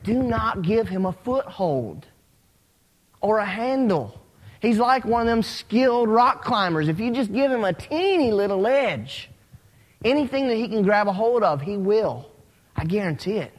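A man preaching a sermon as a pastor, telling stories with animated, rising emphasis. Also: high-pitched, measured pace. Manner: animated storytelling, rising when excited. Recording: long hall reverb.

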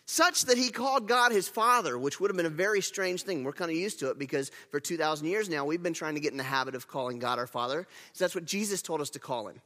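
A man's voice: on the high side, bright, forceful tone, in a large hall. A man preaching a sermon in a church, talking in a conversational, emphatic way with frequent restarts and self-corrections. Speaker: pastor.

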